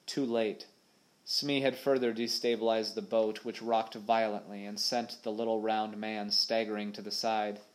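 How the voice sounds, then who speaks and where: A man's voice: lowish voice, level tone, normal speed. A man reading an adventure audiobook aloud in a dramatic, vivid storytelling manner. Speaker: audiobook narrator. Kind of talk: scripted narration.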